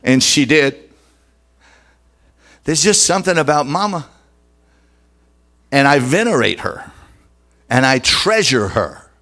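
A man preaching a sermon as pastor, emphatic and dramatic, speeding up and slowing down for effect. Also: mid-range voice, big pitch swings, pushed and bright.

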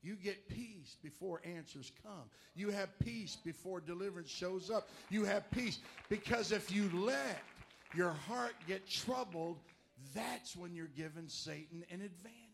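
A man preaching a sermon to a congregation, animated, moving from quiet asides to loud emphatic lines. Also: high voice, a little slow, vocal fry, slight background noise.

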